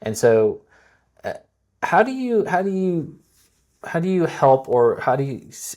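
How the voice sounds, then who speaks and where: Man hosting, easygoing, wordy questions, mid pitch. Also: darkish tone. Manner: casual, rambling questions with fillers. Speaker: podcast host. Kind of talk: conversational interview.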